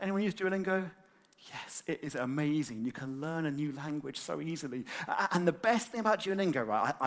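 A man preaching a sermon, animated and conversational, with many fillers and repeated words. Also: medium pitch. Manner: animated, acts out excited quotes.

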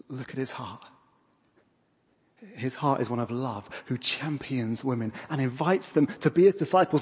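A man's voice: mid-range voice, moderate pace, darkish tone, slightly rough. A man, preaching a sermon in a conversational, self-deprecating way. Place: church. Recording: long reverb of a church hall.

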